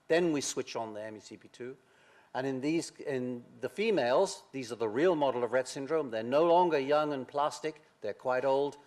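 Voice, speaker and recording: Halting older man giving a lecture. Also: mid-range voice. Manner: halting, with many "uh"s and restarts. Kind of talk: academic lecture.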